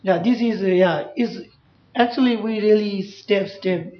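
In a classroom, a Buddhist teacher addresses students in simple, broken English, often asking "you know" and "yeah?" to make sure they're following. His mid-pitched voice comes across dull and muffled, echoing around a large room.

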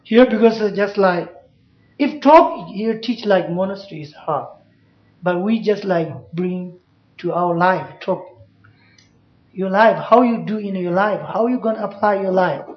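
A Dharma teacher talks to a class in simple, halting English and keeps asking "yeah?" to check that listeners follow. The voice is mid-pitched. It sounds dull and muffled in a roomy, echoing space. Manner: simple broken English, frequent checks with "you know" and "yeah?". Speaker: Buddhist teacher. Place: class room. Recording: echoey, dull room recording.

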